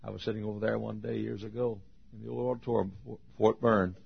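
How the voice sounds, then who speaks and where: A male pastor preaching a sermon with emotional storytelling, swinging from hushed tones to shouts. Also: lowish voice, level tone, fast talker, creaky, slightly rough. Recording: dull lo-fi sermon recording.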